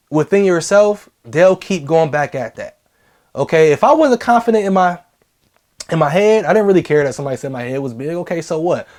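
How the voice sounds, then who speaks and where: A man's voice: on the high side, darkish tone. Emphatic slangy man giving advice. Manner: emphatic, repeats phrases, slangy and direct. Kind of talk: casual advice vlog to camera.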